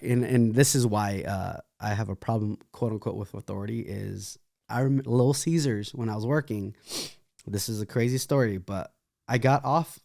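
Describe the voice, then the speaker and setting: A young man from California, a dancer, telling lively stories in a casual interview with laughing asides and restarts. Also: mid-range voice, gravelly, dry recording, clean studio sound.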